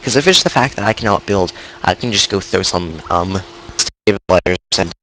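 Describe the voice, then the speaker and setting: Stuffed up with a cold, this streamer rambles and thinks out loud during a casual let's-play, teasing himself along the way. He speaks at normal speed in a low, expressive, fairly bright voice, and the poor audio carries a little hiss or hum.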